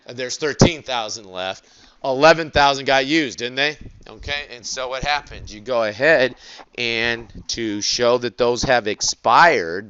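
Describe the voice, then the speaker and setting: A man lectures on accounting, repeatedly tossing rhetorical questions at his students. His voice is smooth and resonant, with a mid-range pitch. The recording is dry and somewhat dull. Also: no room sound. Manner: asks the class rhetorical questions, animated. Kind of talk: classroom lecture.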